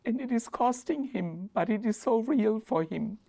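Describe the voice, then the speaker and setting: A woman's voice: on the high side, animated, normal speed, creaky, dark tone. A woman with a German accent and German as her first language, a former principal, speaking thoughtfully in an interview. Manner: earnest, reflective, careful phrasing. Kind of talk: reflective interview.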